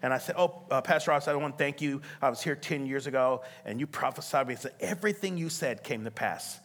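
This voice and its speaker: A man preaching a sermon, telling a story with lively acted-out voices and calling out to the congregation. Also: mid-range voice, quick pace. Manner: animated storytelling, acts out voices, laughs, calls to congregation. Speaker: pastor.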